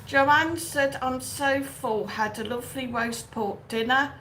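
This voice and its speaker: A woman's voice: sits high, takes it slowly, a bit bright, poor audio. A woman hosting a casual live stream, greeting viewers by name and chatting through their comments. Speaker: livestream host. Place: outdoors or home in Benidorm. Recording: faint background noise.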